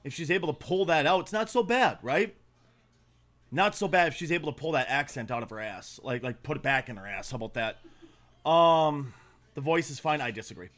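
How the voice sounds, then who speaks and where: A man's voice: on the high side, lively intonation, brisk, a bit bright. Blunt, profane man hosting a livestream. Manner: trails off searching for names. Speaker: livestream host. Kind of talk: casual reaction chat.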